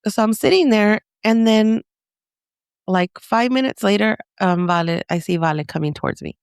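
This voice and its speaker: A woman's voice: mid-range voice, normal speed, creaky, clear, resonant tone, no room sound, clean studio sound. A woman co-hosting a podcast tells a story casually. She rambles with lots of fillers and acts out the quotes. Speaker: podcast co-host.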